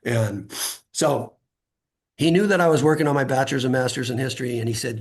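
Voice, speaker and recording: A man's voice: mid-range voice, brisk. A middle-aged man from California, a guest author telling personal anecdotes in an interview, with many fillers and acted-out quotes. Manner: anecdotal, acts out quoted voices, frequent fillers. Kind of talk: storytelling interview.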